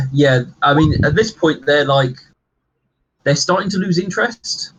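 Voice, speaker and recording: A man acting as game master, narrating a tabletop game in a halting way with many fillers. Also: on the high side, lively intonation, a bit bright, husky. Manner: hesitant, filler-heavy narration. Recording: dull lo-fi recording.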